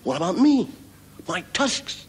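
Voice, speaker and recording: A man's voice: high-pitched, big pitch swings, measured pace, slightly rough, pitched above the performer's own voice, heavily acted. An Irish man voicing a weary, put-upon male elephant who complains in a self-pitying way.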